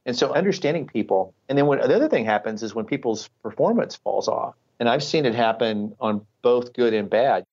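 A man's voice: medium pitch, lively intonation, fairly quick, few pauses, a little mellow, lo-fi sound. A middle-aged man, a retired military officer, earnestly explaining ideas with examples as a podcast guest. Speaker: guest, retired Air Force colonel. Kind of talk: podcast interview answers.

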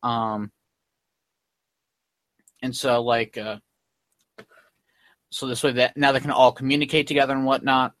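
A podcast host with a medium-pitched, fairly bright voice speaks unhurriedly with little pitch movement and frequent pauses, in a recording with no room sound. In casual chat he recaps a comic, rambling and stuffing his retelling with "like" and "um."

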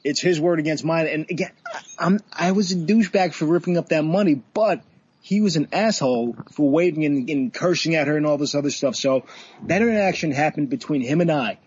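Husky man telling a bar story. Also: on the high side, brisk, highs cut off. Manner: animated, swearing, laughs often, acts out quotes. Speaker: bartender telling a work story. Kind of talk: casual storytelling.

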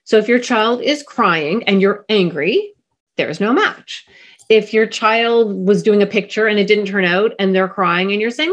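Middle-aged woman, parenting expert guest, lively delivery, slips into quick character voices. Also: medium pitch. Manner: animated, acts out parent and pilot voices. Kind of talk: podcast interview, explaining.

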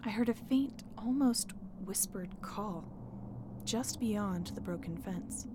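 A woman telling a first-person story in a calm, measured narration. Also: mid-range voice, noisy background. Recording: music bed under the voice.

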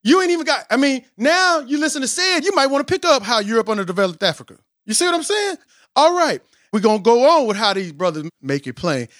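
Podcast host guy talking fast and animated, swoops all over, jokes at himself trying to rap. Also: very high-pitched, no echo, clean studio sound. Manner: animated, self-mocking, preacherly emphasis. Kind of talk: casual podcast intro with attempts at rapping.

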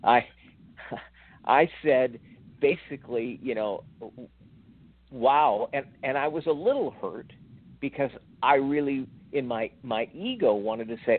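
An older man in his sixties shares a personal faith story, pausing often and circling back with fillers. His voice sits at an ordinary middle pitch. The sound is narrow and tinny, like a phone line. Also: lively intonation. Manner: slow, reflective, halting with fillers. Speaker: podcast guest.

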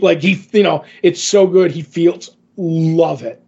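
Man, podcast co-host, husky voice, rambling recap, lots of fillers, dull lo-fi audio. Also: on the high side, steady tone, a little slow, mellow. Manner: rambling, filler-heavy retelling with quoted dialogue. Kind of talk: casual comic book recap chat.

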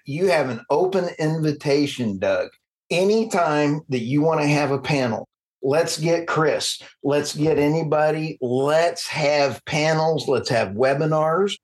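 Give me a man hosting an interview podcast, talking fast and with feeling, mid-pitched. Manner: impassioned, gets worked up and apologizes. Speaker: podcast host. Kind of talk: conversational interview.

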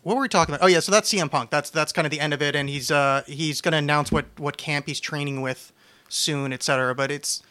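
Bright-voiced man rambling on a podcast. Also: on the high side, fairly even intonation, fast. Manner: rambling, profane, restarts a lot. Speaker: podcast host. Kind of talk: casual chat.

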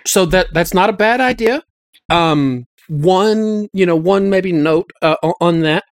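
A man's voice: high voice, unhurried, no room sound, studio quality. A man playing a tabletop game, friendly and stammering over his words. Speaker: player. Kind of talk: tabletop role-play.

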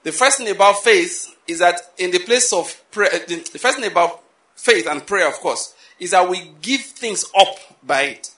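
A man preaching a sermon, animated and repetitive, full of rhetorical questions. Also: high-pitched, moderate pace, roomy sound. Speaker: pastor.

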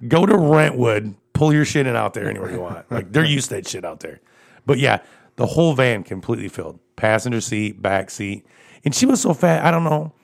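A man telling crude, profane stories in casual chat, laughing often and getting animated as he goes. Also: mid-range voice, fairly quick, gravelly.

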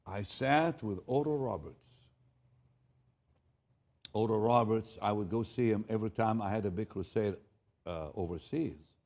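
An older pastor tells a story during a sermon in a lowish voice, moving a little slowly and leaving long pauses. He swings between hushed asides and loud, emphatic lines, often repeating words as he goes.

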